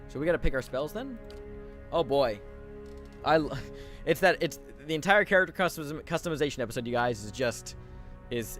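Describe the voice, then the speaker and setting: A man talks viewers through a game in a loose, chatty let's-play voice, tripping over his words and starting sentences again. He pauses to read on-screen text aloud at a middling pitch. Soft game music plays faintly underneath. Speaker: gaming video host. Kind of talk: casual let's-play commentary.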